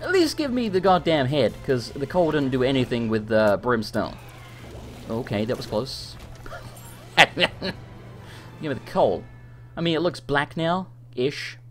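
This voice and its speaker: A young English man streaming a game, chatting and reacting excitably, sometimes swearing when things go wrong. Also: medium pitch, a little slow, pauses often, soft background music. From England. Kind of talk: live gameplay commentary.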